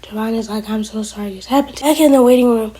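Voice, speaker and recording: A woman casually recapping a TV episode for her vlog, chatty and opinionated, talking back to the characters and sometimes dropping to a hushed near-whisper. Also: fairly high pitch, fast, breathy edge, low-quality recording. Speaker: TV episode reviewer.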